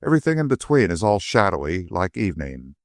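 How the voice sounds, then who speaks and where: A man voicing an elderly male servant who speaks softly and slowly, looking back on his past. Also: deep voice, sing-song, no room sound, studio quality. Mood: wistful.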